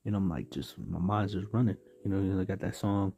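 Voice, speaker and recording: A man from San Diego, California, preaches a casual devotional on a livestream in a deep, fast, gravelly and dark-toned voice. He rambles, full of fillers and street slang.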